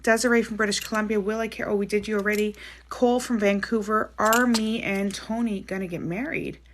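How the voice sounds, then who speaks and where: A woman's voice: mid-range voice, steady tone, slight background noise. A woman working as a psychic medium in a casual live stream, reading viewers' questions aloud and answering each one. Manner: chatty, quick to laugh, frequent "like".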